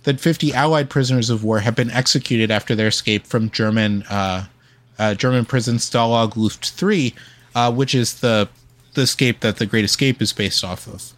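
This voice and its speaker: With a medium-pitched voice at a moderate pace, a man co-hosts a casual history show. He reads facts from notes with many ums and uhs.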